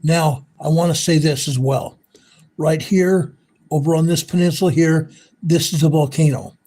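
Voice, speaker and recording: A man's voice: a little high, fairly even intonation, normal speed, dark tone. Man walking viewers through a map. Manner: repetitive, pointing things out on a map. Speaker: news show host. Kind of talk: casual news commentary over a map.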